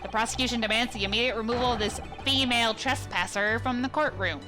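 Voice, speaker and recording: A woman's voice: fairly high pitch, fast, music in the background, natural voice. Woman doing a scornful, haughty male prosecutor. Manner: cold, scornful delivery.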